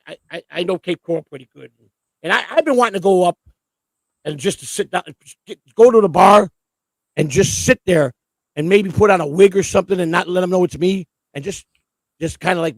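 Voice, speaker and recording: Fast-talking, profane male stream host. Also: high-pitched, vocal fry, no echo. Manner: rambling, profane, excitable. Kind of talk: casual livestream chat.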